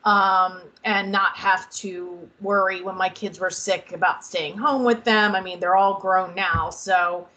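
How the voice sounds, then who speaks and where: Bright, hesitant woman in her fifties. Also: medium pitch, steady tone, a little slow, few pauses, muffled recording. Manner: hesitant and modest, many ums. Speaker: real estate agent. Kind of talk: video call panel interview. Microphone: video call.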